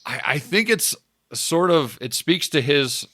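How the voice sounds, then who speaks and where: A man co-hosting a film review podcast in casual chat, laughing often between quick asides. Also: on the high side, animated, bright, forceful tone, no echo, studio quality. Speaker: podcast co-host.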